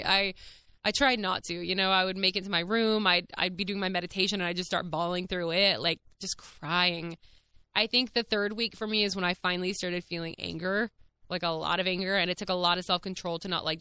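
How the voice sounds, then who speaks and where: A young woman talks openly into a close podcast mic, her voice bright and crisp. She is chatty and candid, laughing often and leaning on fillers. The sound is dry, with no room around her. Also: medium pitch, no echo. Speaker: podcast host. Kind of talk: casual personal chat.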